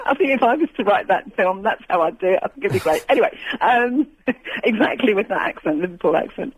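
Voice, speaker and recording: A woman's voice: medium pitch, very animated, brisk, breathy edge, dry recording. A woman calling in to a radio show, telling a long story in a rambling, hesitant way with frequent laughter over a phone line. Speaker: caller. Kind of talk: phone-in chat.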